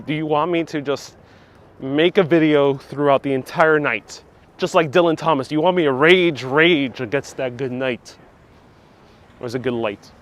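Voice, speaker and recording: A man hosting a casual live-stream walking tour outdoors on city streets, chatting away and reading out viewer comments with frequent laughs. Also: fairly high pitch. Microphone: wireless clip-on mic with phone on gimbal.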